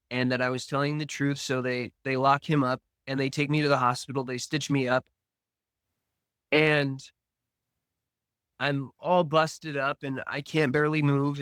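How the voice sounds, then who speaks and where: A man's voice: mid-range voice, a bit bright, clean tone, no room sound, studio quality. A man recounting his past addiction as a podcast guest, telling it in present tense with quoted dialogue. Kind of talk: storytelling about addiction.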